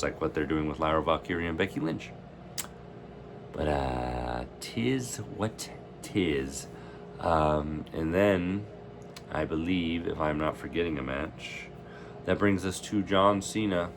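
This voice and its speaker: A man's voice: rumbling low, background noise. A man casually ranting in a reaction vlog, rambling and opinionated. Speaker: wrestling fan vlogger.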